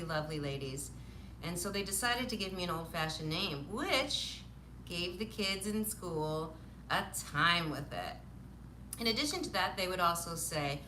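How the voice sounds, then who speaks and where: A woman in her fifties telling stories from her childhood on a live stream, animated, laughing often and acting out what people said. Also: lowish voice, slight background noise. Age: 50s. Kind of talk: casual storytelling on a live stream. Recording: roomy echo.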